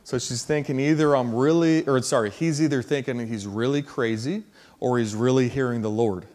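A man preaching a sermon, telling a story in a casual, slangy way that builds to loud emphasis. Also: medium pitch, moderate pace.

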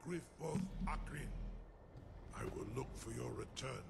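An actor playing a grave, solemn ancient male dragon who speaks slowly and in a measured way in a video game, with a gravelly voice. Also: mid-range voice, noisy background.

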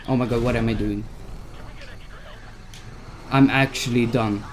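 A man's voice: medium pitch, animated, a little slow, pauses often, a little mellow, faint music behind. A young man giving gameplay commentary as a YouTuber, stressed and swearing as he talks to himself. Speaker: gaming YouTuber. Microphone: desk mic at a PC.

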